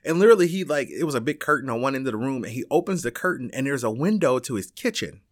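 A man from Chicago tells his own story in a loose, chatty way, with a voice of middling pitch recorded dry and close. He rambles, restarts his sentences and swears now and then. When he quotes other people, his pitch leaps up. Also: quick pace, no echo. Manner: rambling and animated, with frequent fillers, restarts and swearing; acts out other people's lines with big jumps in pitch. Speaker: teacher telling his story. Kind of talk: casual storytelling.

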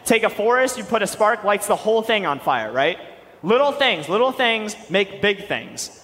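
A young man preaching a sermon, animated and quick-talking, with joking asides. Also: high-pitched, in a large hall.

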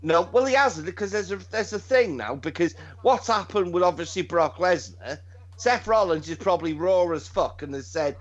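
A man's voice: high-pitched, animated, moderate pace, lo-fi sound. A man casually chatting as podcast host, swearing and restarting his sentences. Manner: profane, rambling, hesitant restarts. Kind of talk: casual chat.

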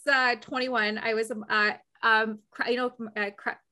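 A young woman co-hosting a podcast, telling workplace stories in animated casual chat with many filler words. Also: fairly high pitch, moderate pace. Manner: animated storytelling, lots of "like" fillers. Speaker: podcast co-host.

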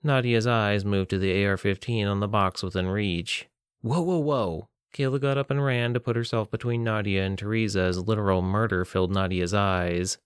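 A man narrating an audiobook in a steady, plain storytelling manner. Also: fairly low pitch, fairly quick, few pauses, clear, resonant tone, dry recording, clean studio sound. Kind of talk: scripted narration.

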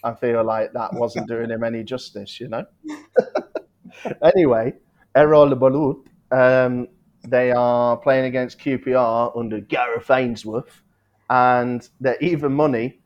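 A man co-hosting a betting podcast, giving football tips in a relaxed, rambling way and correcting himself as he goes. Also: medium pitch, a little slow, muffled recording. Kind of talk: casual betting tips chat.

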